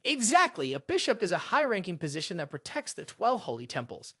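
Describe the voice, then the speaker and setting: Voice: medium pitch, wildly swooping pitch, brisk, a bit bright, slightly rough, no echo, studio quality, full character voice. Know-it-all young male student, read by a narrator, proud, explanatory.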